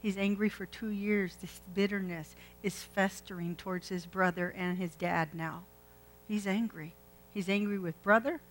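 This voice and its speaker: A woman's voice: medium pitch, fairly even intonation, moderate pace, slight background noise, low-quality recording. A woman preaching a sermon, retelling a scripture story in a chatty way and putting questions to the congregation. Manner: conversational, asks the congregation questions.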